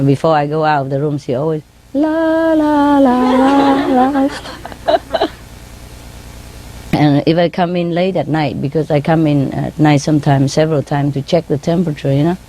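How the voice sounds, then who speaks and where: A woman's voice: low-pitched, steady tone, brisk, mellow, a little hiss or hum, poor audio. A woman speaking as a spiritual teacher, telling informal stories to an audience in non-native English, laughing often and mimicking her birds' calls. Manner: non-native English grammar, frequent "you know". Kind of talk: informal anecdote told to an audience.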